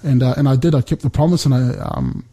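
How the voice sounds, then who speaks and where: Earnest halting man, mellow husky voice. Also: mid-range voice, steady tone. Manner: earnest, halting, many restarts. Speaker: guest speaker. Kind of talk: faith talk on a remote call.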